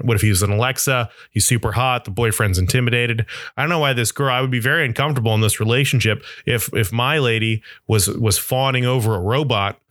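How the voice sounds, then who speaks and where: A man's voice: mid-range voice, fairly bright tone, no room sound, clean studio sound. A young man in a casual comedic monologue, rambling and self-deprecating as he riffs into absurd bits.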